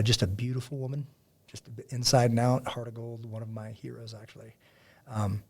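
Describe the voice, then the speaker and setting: Male podcast host with a gravelly, somewhat husky voice; animated, rambling chat. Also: fairly low pitch. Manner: rambling, animated storyteller with many fillers. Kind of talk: casual faith podcast chat.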